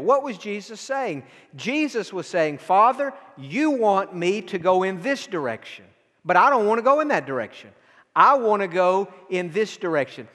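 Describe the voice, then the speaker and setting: A man preaching an evening sermon, reading scripture slowly and emphatically and asking the congregation to repeat a phrase. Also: high-pitched, a bit bright. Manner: slow, emphatic delivery with drawn-out scripture quotes. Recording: long hall reverb.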